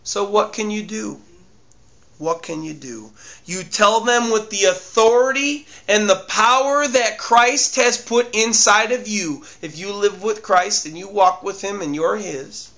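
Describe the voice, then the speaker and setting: Sex: man. Role: pastor. Style: emphatic sermon with repeated phrases. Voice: high and bright. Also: unhurried, dull audio.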